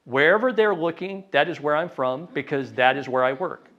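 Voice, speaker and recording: A man giving a live sales training talk to a room, lively and conversational, acting out phone calls in quick voices. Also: on the high side. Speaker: real estate sales trainer. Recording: dull lo-fi sound.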